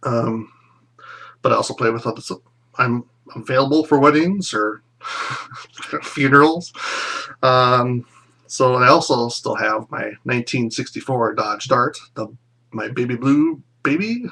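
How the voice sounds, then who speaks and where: A man's voice: mid-range voice, vocal fry, pushed and bright. Man in his thirties, rambling fondly. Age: 30s. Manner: rambling, fond reminiscing with many pauses. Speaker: former classmate sending a reunion message. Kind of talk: casual recorded video message.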